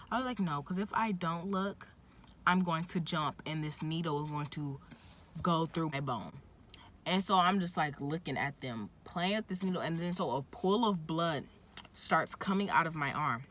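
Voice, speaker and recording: Animated young woman telling a story. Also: low-pitched, a little hiss or hum. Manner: animated, indignant retelling with lots of "like". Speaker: vlogger. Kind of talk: casual story time.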